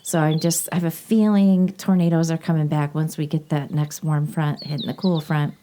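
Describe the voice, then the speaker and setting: A woman's voice: low-pitched, flat delivery, moderate pace, warm tone. A woman hosting a podcast in casual chat, chatty and laughing often. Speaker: podcast host.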